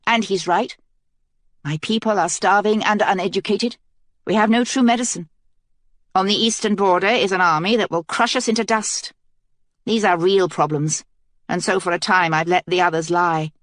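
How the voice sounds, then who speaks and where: A woman's voice: mid-range voice, fairly even intonation, moderate pace, a bit bright, no echo, studio quality, natural voice. A woman voicing a determined young queen in an audiobook, speaking earnestly and with command.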